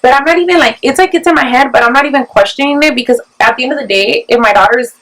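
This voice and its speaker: Chatty mom mixing in phrases. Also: female voice, high voice, racing, rough recording. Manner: animated, mixes Spanish phrases into English. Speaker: podcast host, mother. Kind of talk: casual storytelling chat.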